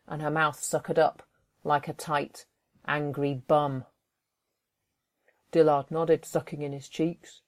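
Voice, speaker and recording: Slow, expressive woman storyteller. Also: sits low. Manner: vivid, expressive, deliberate storytelling. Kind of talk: performed folktale narration.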